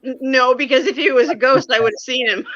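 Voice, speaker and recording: A woman's voice: sits high, fast, fairly bright tone, dry recording, dull audio. A woman joining a live stream as a guest, chatting casually and joking about herself. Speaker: guest caller.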